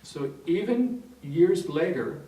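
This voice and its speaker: In a roomy training hall, captured by a distant mic against faint noise, an NLP trainer with a mellow, slightly high voice tells a seminar anecdote slowly but animatedly. He rambles and chuckles, stumbling through fillers and restarts.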